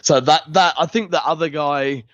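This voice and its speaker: A man's voice: on the high side, normal speed, no room sound, dull audio. A man co-hosting a podcast, talking in a thoughtful, rambling way. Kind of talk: casual chat.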